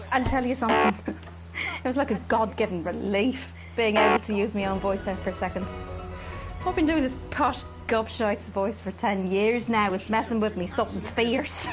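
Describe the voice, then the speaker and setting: A woman's voice: medium pitch, moderate pace, over loud music, close to an everyday voice, rough recording. An actress playing a posh woman TV presenter who is obsessive and unhinged under a put-on posh voice. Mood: casual. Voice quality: posh put-on voice slipping into broad Irish. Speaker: TV presenter character. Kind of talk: comic drama monologue.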